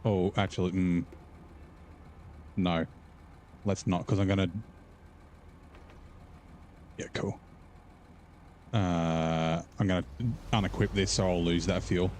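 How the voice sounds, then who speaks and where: A man's voice: low-pitched, flat delivery, slow pace, pauses often, a little mellow, a little hiss or hum. A man casually chatting to his stream while playing a game at home, rambling and thinking aloud. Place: room at home.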